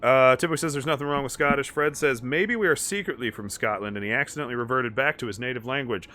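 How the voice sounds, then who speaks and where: Excitable, cursing male game streamer. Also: mid-range voice, fast, few pauses. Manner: excitable, profane, yells at the boss. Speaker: streamer playing co-op. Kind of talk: live gameplay commentary. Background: game music.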